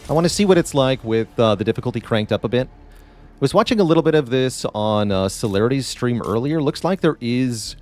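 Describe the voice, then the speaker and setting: A man's voice: medium pitch, expressive, a little fast, soft background music. A man giving casual live-stream commentary on a game, chatty and thinking aloud as he plays.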